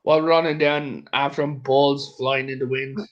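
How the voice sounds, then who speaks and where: A man's voice: medium pitch, flat delivery, normal speed, lo-fi sound. A man telling jokey, profane anecdotes in casual chat.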